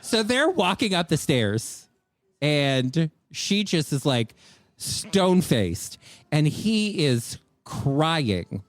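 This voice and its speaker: Animated male podcast host. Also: on the high side, extremely slow. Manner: rants and acts out people in exaggerated voices. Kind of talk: live comedic podcast banter.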